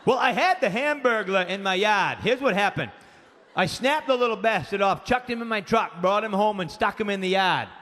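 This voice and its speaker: On a comedy club stage, a Maine man with the local accent delivers rowdy, profane stand-up, acting out voices in his stories. His voice is high-pitched and fairly bright, with lively intonation at normal speed, recorded live with echoing reverb and faint room noise.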